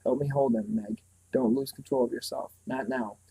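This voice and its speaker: A man's voice: mid-range voice, flat delivery, moderate pace, vocal fry, warm tone, husky, poor audio. A man reading as a blunt, determined teenage boy. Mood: urgent.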